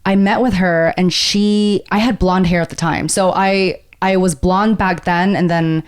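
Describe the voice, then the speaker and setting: A woman actor, a guest on a casual podcast, telling stories in an animated way and acting out quoted dialogue. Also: lowish voice, a little slow, clean tone. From United States.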